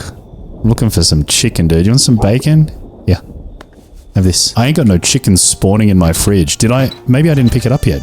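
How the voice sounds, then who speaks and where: A man hosting a gaming video, chatting casually and jokingly as he plays, talking to the game's characters with sudden bursts of excitement. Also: fairly low pitch. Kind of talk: casual gameplay commentary.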